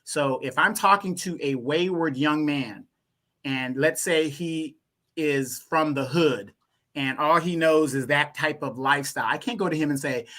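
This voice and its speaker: Blunt, animated man from Louisiana. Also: normal speed. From Louisiana, USA. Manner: blunt, animated, pitch jumps up when emphatic. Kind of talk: casual opinion talk.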